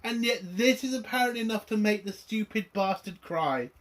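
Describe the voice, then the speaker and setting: A man's voice: high-pitched, moderate pace, fairly bright tone. A man giving a casual spoken review of a TV episode, exasperated and sarcastic, swearing often.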